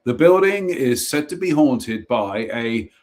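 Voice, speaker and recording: A man's voice: medium pitch, animated, unhurried, a little mellow. A man hosting a live stream, casually reading short ghost stories aloud with wry jokey asides, stumbling and restarting on names.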